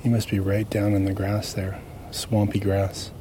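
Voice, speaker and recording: His delivery is completely flat and a little slow, though the low voice has a warm tone. Walking through a marsh, the vlogger talks to himself in a meandering, self-amused way, laughing at his own stories, with a little hiss or hum on the outdoor recording.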